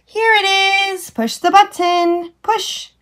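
During a children's storytime read-aloud, a woman teacher with a very high, steady, fairly bright voice works through a farm picture book. She reads slowly and sing-song, imitating animals and machines, and asks the child to find things and press buttons.

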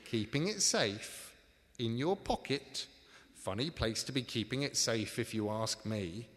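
A man's voice: on the low side, moderate pace, fairly bright tone, slight background noise, natural voice. A man reading aloud, voicing a sour, greedy old male shopkeeper who grumbles and wheedles. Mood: grumbling. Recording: live reading in a reverberant hall.

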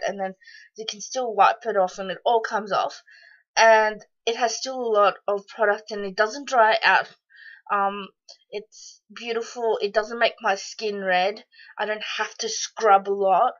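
An Australian woman chatting casually through a beauty box unboxing, excitable and rambling, with lots of ums and happy squeals. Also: mid-range voice, unhurried, muffled recording. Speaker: beauty vlogger.

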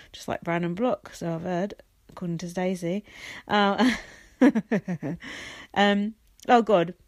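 A woman's voice: mid-range voice, slow pace, long pauses, a little mellow, no room sound. A young woman talks through a reality show on her own, blunt and sarcastic, swearing freely. Her voice sits in a middle range and is recorded close in a very dry space. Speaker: reality TV commentator. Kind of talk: casual solo recap chat.

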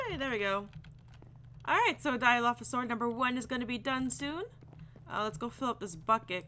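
A woman's voice: medium pitch, sharp tone, a little hiss or hum. A woman playing a video game and chatting casually through it, giggly, talking to the animals and slipping into silly voices. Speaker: video game let's player. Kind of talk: casual gameplay commentary.

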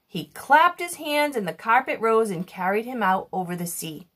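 A woman reading a children's chapter book aloud in an expressive storytelling manner. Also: on the high side, normal speed, few pauses. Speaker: reader.

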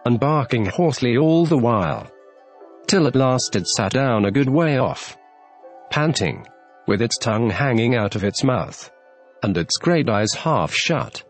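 Lively male storybook narrator. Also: medium pitch, measured pace, faint music behind. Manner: expressive, lively reading. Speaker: audiobook narrator.

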